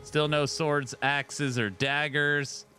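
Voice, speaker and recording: A man's voice: a little high, steady tone, slow pace, sharp tone, faint music behind. A man streaming, reading viewer comments aloud in a casual, wry, amused way. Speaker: streamer reacting to game patch notes.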